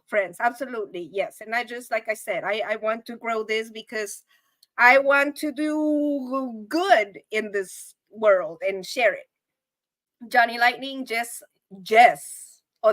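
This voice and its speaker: A woman's voice: a little high, unhurried, a bit bright, no echo. A woman hosting her channel's live show, talking casually and emotionally to viewers. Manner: emotional, laughing, chatty with viewers. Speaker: channel host. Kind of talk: casual livestream chat.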